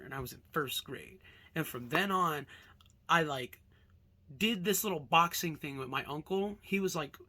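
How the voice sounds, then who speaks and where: A man's voice: on the high side, slightly rough. Rambling young man telling a story. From Alaska. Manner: rambling, animated, with lots of fillers and swearing. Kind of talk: casual storytime vlog. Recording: music playing behind.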